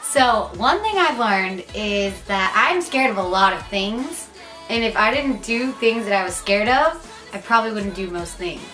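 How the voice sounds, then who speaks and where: A woman's voice: mid-range voice, animated, unhurried, pushed and bright, faint music behind. Sincere young woman, hopeful advice. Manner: sincere, self-deprecating. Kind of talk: casual advice talk to camera.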